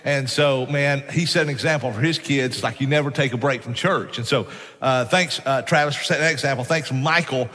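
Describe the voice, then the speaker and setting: Folksy pastor in a reverberant hall. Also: male voice, medium pitch, fairly quick, a bit bright. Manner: folksy storytelling with frequent "man". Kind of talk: sermon. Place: church sanctuary.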